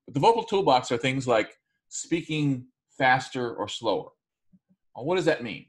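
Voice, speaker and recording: A man's voice: medium pitch, expressive, normal speed. A man giving a recorded class lecture, speaking loosely with frequent fillers and restarts. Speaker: teacher.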